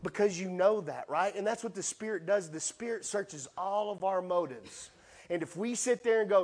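A middle-aged male pastor preaching a sermon, animated, with playful acted asides to the congregation. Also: high voice, moderate pace.

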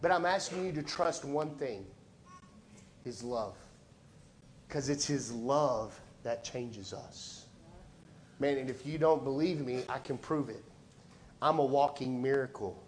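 Emphatic preacher swinging loud to soft. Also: male voice, medium pitch, unhurried, long pauses, slight background noise. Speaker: pastor. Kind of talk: sermon.

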